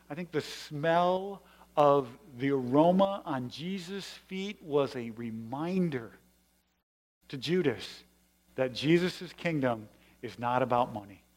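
A male pastor giving a sermon in a conversational, explanatory way with emphatic stresses. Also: on the high side. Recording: long hall reverb.

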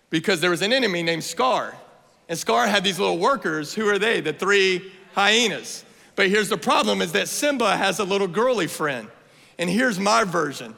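Male preacher, 30s, bright and forceful, playful build to shouts, big hall echo. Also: sits high, normal speed, vocal fry. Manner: playful, energetic, rising to shouts. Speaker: guest preacher. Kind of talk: sermon. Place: church sanctuary. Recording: long hall reverb.

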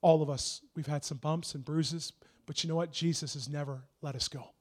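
A young man preaching a sermon, earnest and encouraging, building into shouted prophetic declarations. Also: on the high side, steady tone, normal speed.

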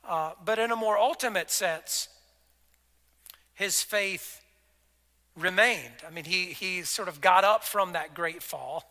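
Long pauses punctuate this slow, conversational sermon from a male pastor whose high, very bright voice echoes through a large hall's long reverb. He performs the scripture dialogue and at times softens into an intimate hush.

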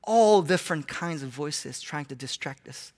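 A man preaching a sermon, swinging between hushed tones and loud, animated exclamations. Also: a little high, normal speed.

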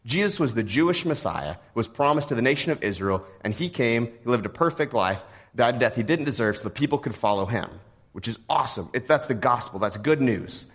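A young man from Texas preaching a sermon in a relaxed, joking, conversational way. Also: medium pitch, fairly quick, breathy edge. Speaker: pastor.

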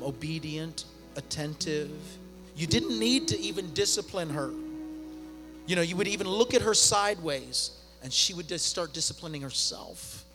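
A middle-aged man preaching a sermon, telling a story with big swings between quiet and loud. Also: on the high side. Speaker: pastor.

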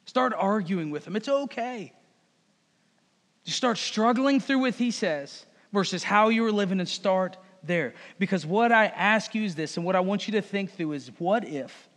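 Male pastor, high voice, direct conversational sermon, long hall reverb. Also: expressive, moderate pace, a bit bright. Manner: direct, conversational, addresses congregation as folks and y'all.

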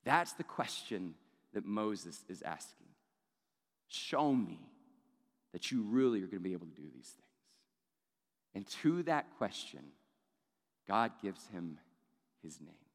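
A male pastor preaching a sermon, moving from casual asides to loud, emphatic peaks. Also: lowish voice. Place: large church hall. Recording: long hall reverb.

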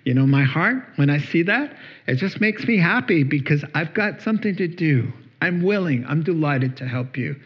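A male pastor giving a folksy, animated sermon and chuckling often, then leading a prayer. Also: on the high side, moderate pace, few pauses, husky, highs cut off. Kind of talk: conversational sermon.

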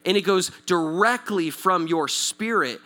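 A man's voice: high voice, unhurried. A male pastor preaching in a casual, joking way, laughing often, restarting words, and talking straight to his audience. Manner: repeats and restarts words when excited. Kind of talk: conversational sermon.

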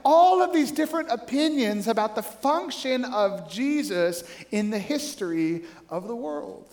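A man's voice: very high-pitched, unhurried. A male pastor preaching a sermon in a conversational way, telling stories and often asking "right?". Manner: conversational, animated storytelling with frequent "right?".

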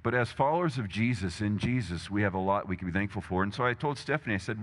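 A man's voice: lowish voice, expressive, fast talker, few pauses. A man preaching a sermon as pastor, emphatic and conversational, asking the congregation rhetorical questions. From Texas, USA. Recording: long hall reverb.

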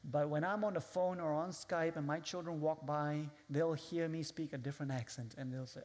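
A man's voice: fairly high pitch, fairly even intonation, moderate pace, hardly any pauses, a little mellow. A man with a foreign accent preaching as a guest speaker, who acts out his listeners' voices and quotes scripture. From outside the US. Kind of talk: sermon. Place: large hall with a live audience. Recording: long hall reverb.

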